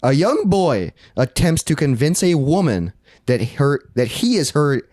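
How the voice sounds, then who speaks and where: A man's voice: a little high, sing-song, unhurried, darkish tone, dry recording, clean studio sound. A man co-hosting a podcast, chatting casually and rambling with frequent restarts. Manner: rambling, restarts often, enthusiastic. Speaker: podcast co-host. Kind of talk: casual chat.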